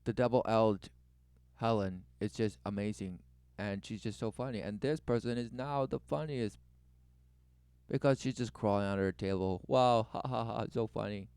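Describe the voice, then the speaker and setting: A man's voice: on the low side, fairly even intonation, moderate pace, a little mellow, clean tone, no echo. A man giving mocking, preachy commentary over video clips, full of exclamations and rhetorical questions.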